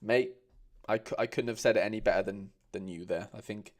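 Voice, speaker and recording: A man with a lowish voice speaks fairly quickly as he hosts a casual livestream. He chats with viewers, reads their comments aloud, and calls them mate.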